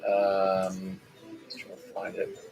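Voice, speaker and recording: A man's voice: deep voice, completely flat delivery, takes it slowly, vocal fry, noisy background. A man, hosting a casual live cooking chat, rambling and joking as he reads viewer comments. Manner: rambling and chatty, with many fillers and joking asides. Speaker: cooking channel host.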